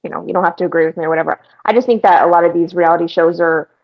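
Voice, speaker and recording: A woman's voice: on the low side, fairly even intonation, rapid-fire, highs cut off. A woman on a panel giving a hesitant but dismissive opinion in casual commentary.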